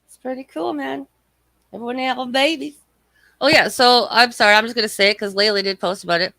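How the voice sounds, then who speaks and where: A woman's voice: a little high, a little fast, gravelly, sharp tone, dry recording. A woman hosting a casual livestream, reading out chat and swearing freely as she mocks her rivals, her throat a little scratchy. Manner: profane, mocking, rambling. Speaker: livestream host.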